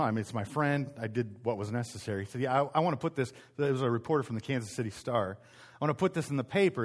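A man pastor giving a casual, conversational sermon, telling stories with frequent restarts in a church meeting room. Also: mid-range voice. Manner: conversational storytelling, self-interrupting restarts.

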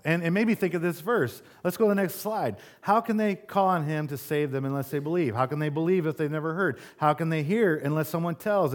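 Man preaching a conversational sermon. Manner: conversational preaching, storytelling, rises in pitch when animated. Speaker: pastor.

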